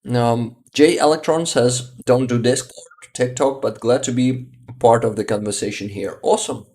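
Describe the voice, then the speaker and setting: A man from Ukraine, hosting a casual livestream, reading viewer comments aloud in an unhurried way, searching for words and laughing often. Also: mid-range voice, darkish tone. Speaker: livestream host.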